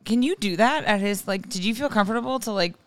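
A woman hosting a casual podcast, candid and giggly, poking fun at herself. Her voice is smooth and clear, recorded close in a dry room with no echo. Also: mid-range voice, fast. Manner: candid, self-deprecating, giggly. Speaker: podcast host.

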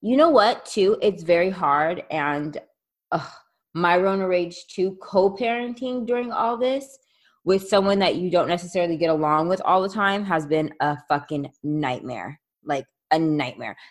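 A woman co-hosting a podcast in casual chat, animated, playful and teasing, with some swearing. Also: on the low side, moderate pace. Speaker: podcast co-host.

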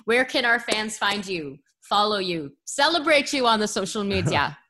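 A woman's voice: medium pitch, animated, normal speed, pushed and bright. A woman hosting a podcast interview, bubbly and playful, laughing easily and piling on fond exaggeration. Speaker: podcast host. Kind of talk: casual interview chat.

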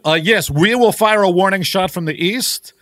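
A man's voice: high voice, moderate pace, a bit bright, dry recording. A man playing a fussy male navy sailor, hesitant with many fillers, in an improvised comedy sketch.

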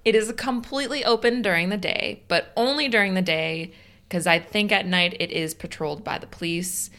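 A woman co-hosting a casual podcast, chatty and informal, quick to react and swear. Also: lowish voice, fairly bright tone. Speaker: podcast co-host.

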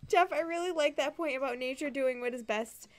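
A woman's voice: high voice, brisk. A young woman co-hosting a live Q&A, reading out viewer questions and laughing easily. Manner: reads questions aloud, laughs easily, animated. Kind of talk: live-stream Q&A chat.

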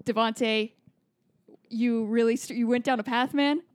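A woman's voice: on the high side, steady tone, moderate pace, clear, resonant tone. A woman hosting a casual group chat, handing out points in an upbeat game-show manner. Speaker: podcast host.

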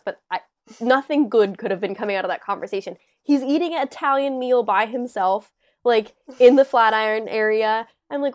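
A young woman co-hosting a podcast, telling a story in a casual, animated way, full of "like" and acted-out quotes. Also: on the high side. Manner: animated storyteller, lots of "like", acts out overheard lines. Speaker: podcast co-host. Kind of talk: casual chat.

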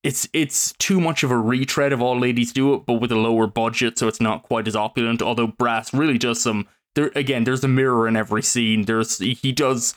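A man co-hosting a podcast, chatting casually about films, animated and quick to swear and laugh. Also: mid-range voice. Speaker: podcast co-host. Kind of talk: casual film review chat.

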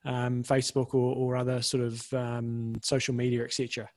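A man's voice: mid-range voice, completely flat delivery, moderate pace, a little mellow, no echo. Chatty male podcast co-host, dry sound. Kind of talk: casual podcast chat.

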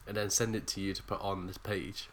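A man's voice: low voice, fairly even intonation, a little fast, fairly bright tone. An English man co-hosting a podcast, chatting casually and joking, laughing often. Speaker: podcast co-host. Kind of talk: casual chat.

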